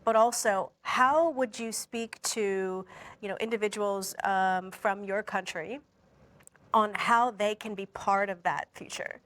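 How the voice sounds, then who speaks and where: A woman's voice: medium pitch, steady tone, slow, fairly bright tone. Earnest woman hosting an interview. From Puerto Rico. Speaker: host. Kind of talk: hosted interview.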